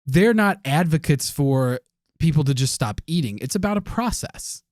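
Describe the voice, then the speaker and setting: A hesitant, agreeable man co-hosting a podcast, stumbling over restarts as he talks. His voice is a little high, and the recording is dry and close. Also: expressive, normal speed, a little mellow, no echo. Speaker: podcast co-host. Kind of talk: casual podcast chat.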